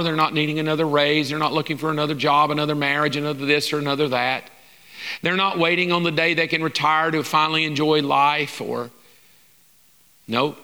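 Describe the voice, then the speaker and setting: Bright-voiced man preaching with conviction. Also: fairly high pitch, clear, resonant tone, big-room sound. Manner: impassioned, with rapid rhetorical questions. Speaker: pastor. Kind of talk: sermon.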